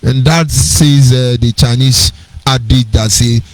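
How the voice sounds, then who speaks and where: A man's voice: medium pitch, fairly even intonation, slow, dry recording, rough recording. A middle-aged man with a Nigerian accent, giving an earnest personal storytelling talk on a radio program, digressive and with sing-song emphasis.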